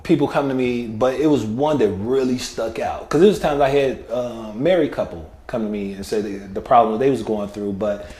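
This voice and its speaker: A man's voice: medium pitch, moderate pace, hardly any pauses, mellow. Laid-back male comedian, roomy sound. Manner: laid-back storytelling with frequent filler phrases. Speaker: comedian guest. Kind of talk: casual interview talk. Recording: roomy echo with faint noise.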